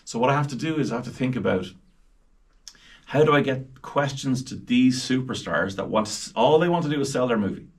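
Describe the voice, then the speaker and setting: A radio presenter from Ireland talks a little fast in a medium-pitched voice, sitting far from the mic. As a podcast guest he's chatty and animated about interviewing celebrities, acting out quoted voices.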